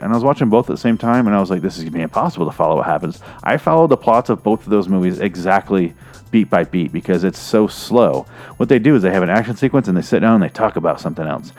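A man's voice: lowish voice, darkish tone. A man hosting a movie review show, rambling in an exasperated, profane rant. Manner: rambling, exasperated, swears freely.

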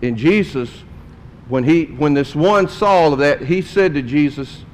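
A man preaching a sermon as pastor, animated and conversational, with frequent asides to the congregation. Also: fairly high pitch, a little slow, long reverb tail, a little hiss or hum.

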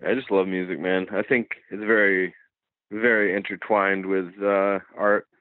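A man's voice: sits low, fairly even intonation, unhurried, no room sound. A man from Massachusetts talking as a guest artist over a phone call, easygoing and casual, peppering his talk with "man" and "dude". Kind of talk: casual interview chat. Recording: tinny phone line.

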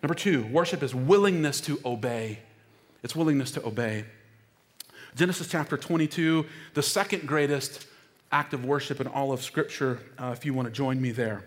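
A man's voice: mid-range voice, moderate pace. A middle-aged male pastor preaching a sermon, stressing key phrases and calling on the congregation to repeat lines after him. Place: church sanctuary. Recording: long hall reverb.

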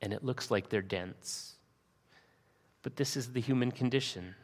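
A man's voice: mid-range voice, measured pace. A male pastor preaching a sermon, reading scripture aloud and posing earnest rhetorical questions to the congregation. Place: church sanctuary. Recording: long reverb of a church hall.

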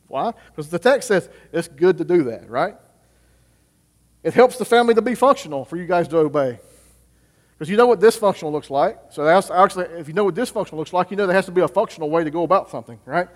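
A man who serves as a youth pastor preaches fast and animatedly in a high-pitched voice. He throws rhetorical questions at the congregation and answers them, and the church hall's long reverb colors everything.

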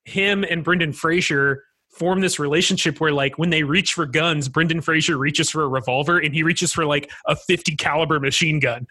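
A man co-hosting a podcast in casual chat, an animated storyteller who acts out quoted lines. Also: fairly high pitch, moderate pace, slightly rough. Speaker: podcast co-host.

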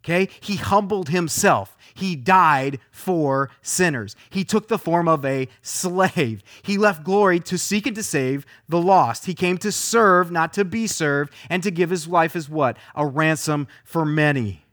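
A man's voice: fairly high pitch, a little slow, hardly any pauses, fairly bright tone, no room sound, clean studio sound. A man preaching a sermon as a pastor, talking emphatically, repeating phrases and firing off rhetorical questions.

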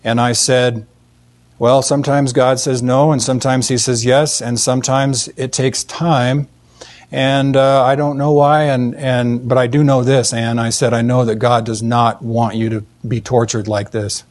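A man telling a faith testimony in an earnest, halting way, with many fillers and restarts. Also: medium pitch, level tone, darkish tone. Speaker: Christian speaker telling a testimony. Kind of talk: storytelling testimony.

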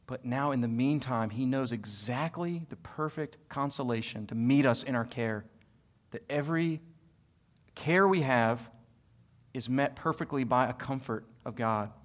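Here a man preaches as pastor with a medium-pitched voice. His emphatic, repeated lines swell to loud crests and then fade softly, interspersed with down-to-earth family anecdotes.

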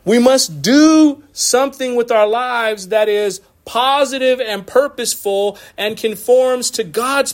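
In a church sanctuary, a pastor in his thirties delivers a sermon to his congregation. His voice is high for a man, and he speaks loosely and conversationally, laughing and tossing in quick asides between points.

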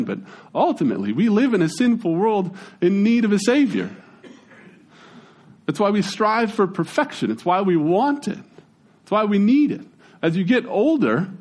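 Casual Midwestern man preaching. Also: high-pitched. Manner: conversational and folksy, animated storytelling. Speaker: pastor. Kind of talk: sermon.

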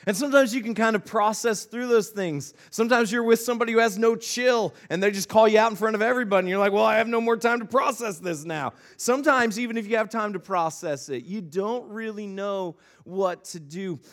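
A male pastor in his thirties tells a funny personal story with lots of repeated words during his sermon, then transitions to scripture, all in a church sanctuary. He speaks fairly quickly in a high voice, with hardly any pauses.

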